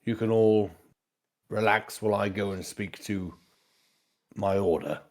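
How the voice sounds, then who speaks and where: A man voicing a formal male envoy of a dragon order in measured phrasing, with his own lowish voice. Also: lightly acted. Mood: calm.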